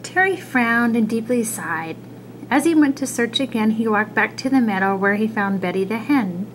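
A woman reading a children's picture book aloud, expressive and adding little asides about the pictures. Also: on the high side, moderate pace, a little hiss or hum, low-quality recording. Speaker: storybook reader.

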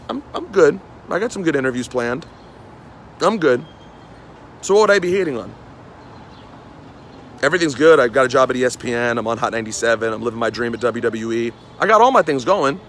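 A man's voice: mid-range voice, fairly bright tone, a little hiss or hum. A man in his forties from New City, a radio host walking down a city street and scolding people in a heated rant, repeating lines for emphasis. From New York City. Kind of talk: angry street rant to camera.

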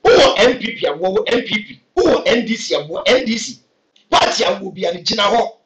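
A man's voice: high-pitched, animated, brisk, a bit bright. Earnest Ghanaian man in an echoey room. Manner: earnest, urging, with hesitant fillers. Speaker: political commentator. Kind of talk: impassioned opinion vlog.

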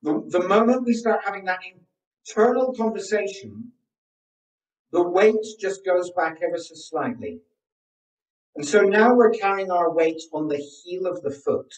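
A man's voice: high-pitched, expressive, unhurried. A man teaching a live online workshop as a presentation coach, coaching and often asking the audience questions. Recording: roomy sound, distant from the mic.

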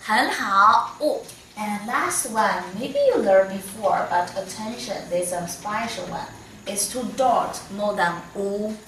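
Taking things slowly, a Chinese-accented woman from China gives an online Mandarin lesson in English, patiently demonstrating the tones. Her mid-range voice is a bit bright, picked up by a distant mic in an echoey room with slight hiss or hum, so she sounds slightly off-mic.

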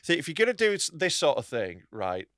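Animated sweary man with a high bright voice. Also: fairly quick, smooth, no echo, studio quality. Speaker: podcast co-host. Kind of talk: casual comedy chat.

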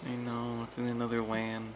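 A young man who is sick with a sore throat, talking low and half whispering in a casual home vlog. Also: monotone, normal speed, a little hiss or hum. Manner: low and mumbling, often near a whisper. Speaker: vlogger. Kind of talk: casual couple vlog chat. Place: home, indoors.

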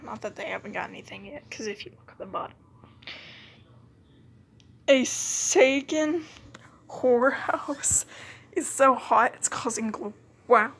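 A woman with a fairly high, slightly bright voice hosts a gaming channel's let's play. She reads cards aloud playfully and gigglingly, with muttered asides.

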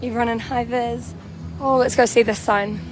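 With music playing nearby, a young vlogger with a New Zealand accent walks through an outdoor camp, filming a livestream on her handheld phone. She's cheerful and chatty, laughing a lot, in a fairly high voice with a steady tone at normal speed.

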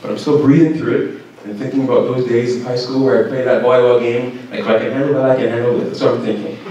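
A young adult man from Canada giving a keynote speech to students at a school banquet, telling his story in a lively way. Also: mid-range voice, quick pace, highs cut off, slight background noise. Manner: lively storyteller who acts out shouted quotes. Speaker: keynote speaker. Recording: very echoey hall, mic far off.

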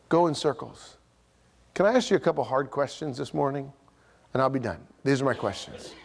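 A man preaching a sermon as pastor, passionately pressing his points and voicing imagined objections from the congregation. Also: a little high. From United States. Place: church sanctuary.

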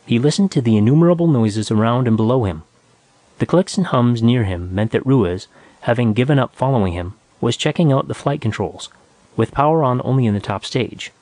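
A man reads a science fiction story aloud at an ordinary middle pitch, steady and measured. The recording is dry and close, with no room sound. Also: no echo. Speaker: narrator. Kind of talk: scripted audiobook narration.

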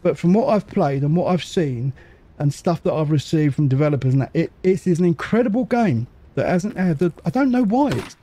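A man casually commentating a game as he plays, muttering to himself and making quick jokes. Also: fairly high pitch, animated, mellow. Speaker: gaming channel host. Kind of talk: casual let's-play commentary.

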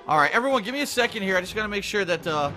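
A man streaming a video game who rants angrily and swears, with sudden loud outbursts. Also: high-pitched, expressive, racing, over music. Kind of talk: live gameplay commentary.

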